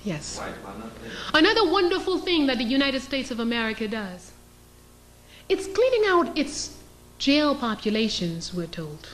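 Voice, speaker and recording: A woman with a high voice and wide pitch swings delivers an impassioned public lecture, speaking a little slowly and pausing often. She is emphatic, acts out scenes, and poses rhetorical questions. The audio quality is poor.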